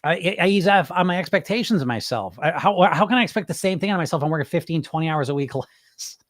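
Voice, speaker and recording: A man's voice: a little high, fast, dry recording, clean studio sound. A man hosting a weight-loss podcast, answering viewer comments in a casual, rambling way with plenty of swearing. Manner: animated, profane, rambling.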